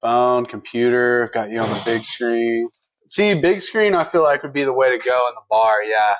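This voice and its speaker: Reading out viewer comments, this livestream co-host keeps things casual and folksy, relaxed and quick to laugh. He speaks in a mid-range voice at a moderate pace on a rough recording.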